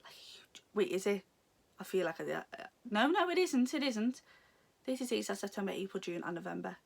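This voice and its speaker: A woman's voice: medium pitch, lively intonation, moderate pace, gravelly. A young woman chatting casually through an unboxing, giggly and gushing, rambling off topic. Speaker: vlogger unboxing a subscription box. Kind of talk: casual chat.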